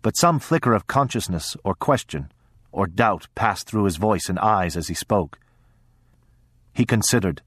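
A man narrating a first-person story in a measured, even storytelling voice. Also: lowish voice, husky, dry recording. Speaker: audiobook narrator. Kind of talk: scripted narration.

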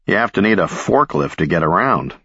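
A sardonic male club owner cracks deadpan sarcastic quips in a deep, husky voice, as a man reading a story puts him on. He sounds close to the narrator's own voice. The recording is slightly dull and lo-fi. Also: fairly quick, no room sound, heavily acted.

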